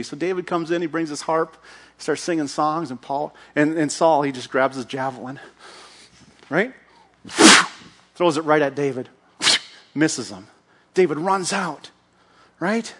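Casting: animated male preacher, high voice, acts out every character. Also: moderate pace, pauses often, husky. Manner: lively, acts out characters with shouts and sound effects. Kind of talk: animated Bible storytelling sermon.

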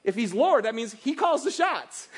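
A middle-aged man preaching a sermon as pastor, animated and acting out quoted voices as he speaks. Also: extremely high pitch, normal speed, slightly rough. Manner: animated, acts out quoted voices of God and listeners.

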